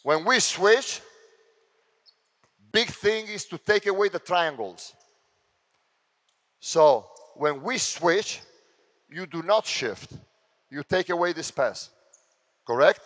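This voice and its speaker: An Italian-accented man coaches players through defensive drills, mixing brisk explanations with sharp shouted cues. His voice sits a little high for a man. The sound carries the long reverb of a large gym. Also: expressive. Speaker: basketball coach. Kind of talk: on-court coaching clinic.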